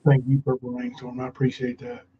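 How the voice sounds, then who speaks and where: Man, livestream host, casual chat, rambling, filler-heavy, mid pitch, muffled audio. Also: sing-song, fairly quick, a little hiss or hum. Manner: rambling, many fillers, reads viewer comments aloud.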